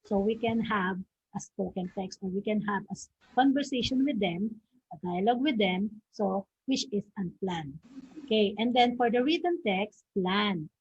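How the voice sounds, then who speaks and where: A woman teacher with a Filipino accent giving an online lesson, saying "okay" again and again and drawing out slow model pronunciations. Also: mid-range voice, expressive. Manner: fills with frequent "okay". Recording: husky, dull lo-fi home recording.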